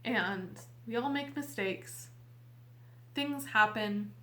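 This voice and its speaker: A woman host talking casually and heartfelt to her viewers, tearful and earnest, with a halting way of speaking. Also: fairly high pitch, pushed and bright. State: weepy, tearful. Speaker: tarot reader and channel host. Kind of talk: casual heartfelt talk to camera.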